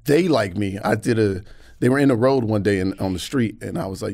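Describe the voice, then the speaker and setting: Animated, gravelly American man. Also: fairly low pitch, brisk, no echo, clean studio sound. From United States. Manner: animated, acts out voices. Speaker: comedian guest. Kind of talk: candid storytelling chat.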